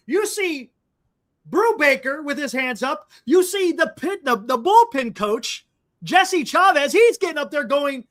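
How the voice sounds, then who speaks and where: A man's voice: extremely high pitch, sharp tone. A man co-hosting a fan sports talk stream, ranting in frustration and often repeating words. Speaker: podcast co-host.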